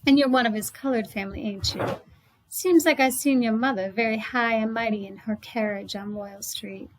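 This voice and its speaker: A woman voicing a sharp-tongued, scornful landlady in a read-aloud storybook, speaking loud with a sneering drawl. She reads the part with a fairly high voice. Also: steady tone, normal speed, a little hiss or hum, close to an everyday voice, rough recording.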